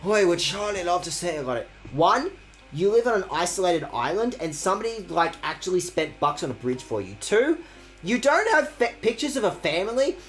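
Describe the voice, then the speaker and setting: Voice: big pitch swings, normal speed, a bit bright, soft background music. A streamer giving casual, rambling let's-play commentary, swearing and mocking themself. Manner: rambling, crude, self-mocking jokes, swinging pitch. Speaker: game streamer.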